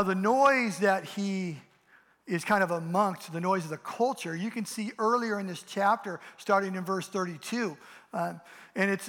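A man with a high-pitched, fairly bright voice preaches an impassioned sermon as a pastor, his voice rising and falling as he drives his points home and acts out mocking voices. The recording carries a long hall reverb.

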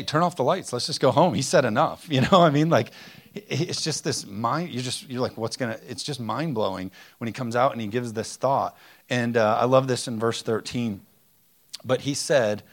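A man preaching a conversational, energetic sermon full of rhetorical questions. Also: medium pitch. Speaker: pastor.

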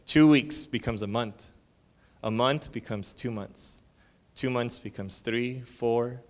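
Speaking slowly in a mid-range voice, this man is a church elder giving a sermon at a conference. His storytelling is relaxed and slangy, sprinkled with fillers, and he plays the characters by changing voices as they talk.

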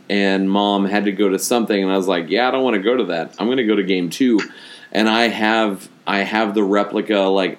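A young man co-hosting a casual podcast, talking in halting, stop-start phrases. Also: low-pitched. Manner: hesitant, halting, laughs often. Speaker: podcast co-host. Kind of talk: casual chat.

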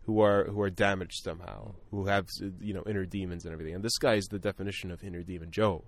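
Low-pitched man, casual film chat, halting and thoughtful. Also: steady tone. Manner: thoughtful, many fillers and restarts. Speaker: film podcast guest.

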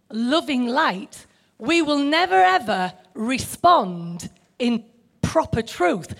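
A woman's voice: high-pitched, vocal fry, fairly bright tone. A middle-aged woman preaching a sermon in a conversational way, asking the listeners questions.

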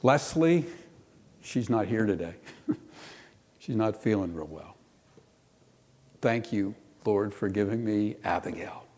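A man's voice: fairly low pitch, expressive, slow, long pauses, a little mellow. Man preaching in a reverberant hall. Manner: reads scripture then explains it conversationally, with playful voices for quotes. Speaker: pastor. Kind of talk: sermon. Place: church.

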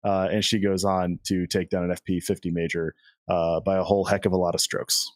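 A man co-hosting a podcast, talking in an excitable, jokey way. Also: low voice, brisk, no echo. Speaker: podcast co-host. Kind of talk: casual chat.

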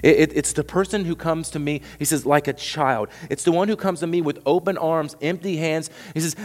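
Animated preaching man in a reverberant hall. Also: brisk, few pauses. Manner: animated preaching, swings from loud high peaks to quiet low asides. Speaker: pastor. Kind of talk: sermon.

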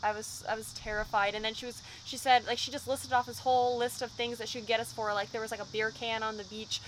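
A young woman chats in a casual interview, a band singer telling stories with lively acted-out quotes. Her voice sits a little high. Faint night noise and crickets hum behind her. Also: fast talker, few pauses, rough recording. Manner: lively storyteller, acts out quotes. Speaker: band vocalist.

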